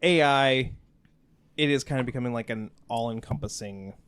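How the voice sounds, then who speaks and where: A man's voice: medium pitch, normal speed, fairly bright tone, clean tone. Rambling man hosting a casual podcast. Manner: rambling, lots of "like" and "you know". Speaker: podcast host.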